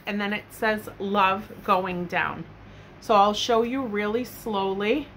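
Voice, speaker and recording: Bright, gushing young woman vlogger. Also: a little high, slight background noise. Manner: gushing and enthusiastic, many likes and loves. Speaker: haul vlogger. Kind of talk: casual product show-and-tell. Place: bedroom at home.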